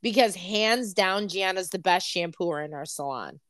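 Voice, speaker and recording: A woman's voice: on the low side, expressive, normal speed, fairly bright tone, no echo. A woman co-hosting a podcast remotely, a hairdresser chatting casually and laughing often. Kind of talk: casual chat. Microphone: remote video call.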